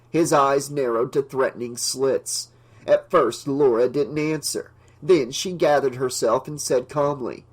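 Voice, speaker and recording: A man reading an audiobook, narrating the story in a steady, even way. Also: mid-range voice, a little slow.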